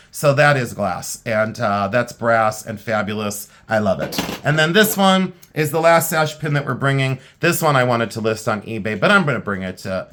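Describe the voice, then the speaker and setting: A man's voice: medium pitch, a bit bright. Tired, frank middle-aged man selling jewelry. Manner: candid, rambling, frank and plainspoken. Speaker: vintage jewelry seller. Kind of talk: casual sale preview chat.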